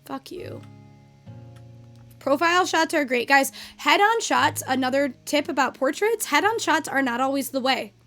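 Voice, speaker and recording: Young woman streamer with a high voice, gabbing to chat and cursing at the game, soft guitar music behind her. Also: animated, moderate pace. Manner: chatty, swears at the game, talks to viewers. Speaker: streamer teaching game photo mode. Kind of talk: casual live-stream chat. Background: faint guitar music.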